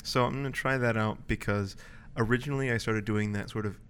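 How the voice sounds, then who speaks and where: A man's voice: lowish voice, fairly even intonation, fairly quick, slight background noise. A young man co-hosting a casual podcast from a library study room, rambling with lots of fillers. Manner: rambling, filler-heavy, self-conscious. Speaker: podcast co-host. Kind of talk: casual chat.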